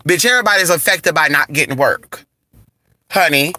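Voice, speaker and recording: A man hosting a casual livestream, talking in a sassy, campy way and reading his chat. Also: on the high side. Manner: sassy, campy, drawn-out and expressive. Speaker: channel host reading live chat.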